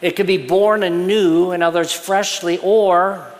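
Preaching in a church sanctuary, the male pastor keeps a steady tone and an unhurried pace, though his voice sits a little high for a man. He explains earnestly, retreating and restarting phrases along the way, while the hall lends a long reverb.

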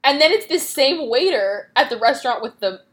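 A woman hosting a podcast, retelling a movie plot in casual, quick chat and acting out the characters' lines. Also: sits high. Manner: animated, quick retelling with acted-out quotes. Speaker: podcast host.

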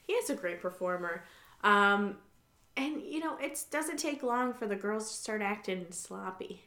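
A woman's voice: medium pitch, expressive, unhurried, sharp tone, reverberant. A woman co-hosting a casual recap chat, swearing freely and laughing often. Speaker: podcast co-host.

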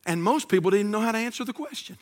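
A man, a pastor telling a folksy, animated story in a sermon. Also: high voice, fast talker.

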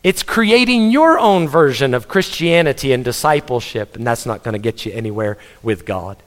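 A man's voice: mid-range voice, animated, normal speed, fairly bright tone. A man, a pastor, preaching a sermon in an emphatic way, asking the congregation questions and often repeating words as he presses his point.

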